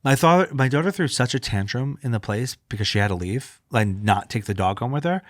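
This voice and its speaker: A man in his thirties co-hosting a podcast, telling a long story in casual chat, animated, swearing freely and acting out what people said. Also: mid-range voice, brisk, no echo, clean studio sound. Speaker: podcast co-host.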